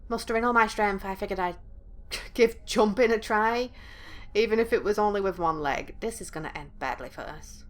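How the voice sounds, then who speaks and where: A let's play gamer with a mid-range female voice works through a horror game at a moderate pace. She reads the story aloud dramatically, then cuts in with blunt, profane asides.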